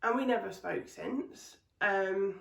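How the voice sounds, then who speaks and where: A woman's voice: medium pitch, slow, gravelly, distant mic. Woman ranting, echoey room. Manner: chatty, swearing, ranting. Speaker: comedian. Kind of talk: stand-up comedy vlog. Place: home room.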